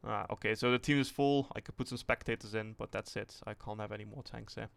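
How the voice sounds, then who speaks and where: A man streaming a tank game live, thinking aloud in a rambling, relaxed way and swearing casually as he sets up a test with viewers. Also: lowish voice, quick pace, gravelly, clear, resonant tone, dry recording. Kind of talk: casual livestream commentary.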